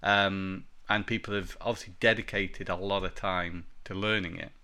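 Guy rambling about games on a podcast, bright voice, lots of ums. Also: deep voice, fairly even intonation, normal speed, clean tone. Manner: rambling, hesitant, many fillers. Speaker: podcast co-host. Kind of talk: casual chat about video games.

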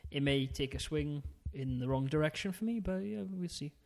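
A man's voice: a little high, moderate pace, creaky. A man co-hosting a podcast, talking about games in a rambling, chatty way with lots of ums and laughs. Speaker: podcast co-host. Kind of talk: casual chat.

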